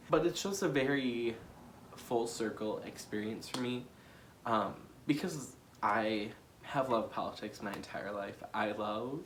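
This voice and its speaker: A man's voice: on the low side, a little slow, fairly bright tone, a little hiss or hum. A young American man in a casual vlog, talking emotionally, laughing and fighting back tears, with lots of fillers. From United States. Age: young adult. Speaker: vlogger and political candidate.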